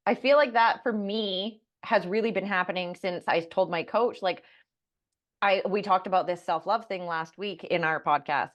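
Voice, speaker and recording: A woman co-hosting a spiritual podcast, telling personal stories in an earnest casual way and swearing casually. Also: lowish voice. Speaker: podcast co-host. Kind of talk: casual chat.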